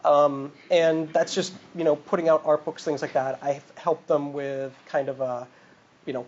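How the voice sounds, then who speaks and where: Casual man with a fairly high voice. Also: little pitch movement, moderate pace, highs cut off. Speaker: publishing business director. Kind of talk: panel discussion.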